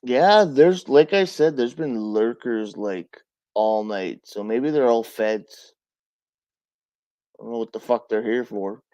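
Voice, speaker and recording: A man's voice: on the low side, fairly even intonation, warm tone, no room sound, dull audio. A man hosting a casual livestream chat, blunt and profane, who coughs now and then and says he has been drinking beer since the night before. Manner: talks slowly with pauses and coughs. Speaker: livestream host.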